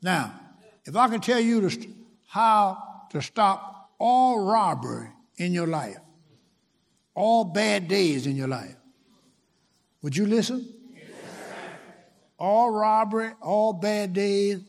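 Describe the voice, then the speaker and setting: A high-pitched man delivers a sermon. His emphatic preaching rises to loud, stressed lines and drops to quiet asides. He repeats phrases to build rhythm. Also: expressive, slow, long pauses.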